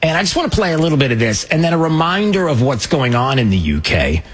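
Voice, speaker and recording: A man's voice: on the high side, very animated, quick pace, husky. A man hosting a casual commentary show, rambling and joking with many fillers and restarts. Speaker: host.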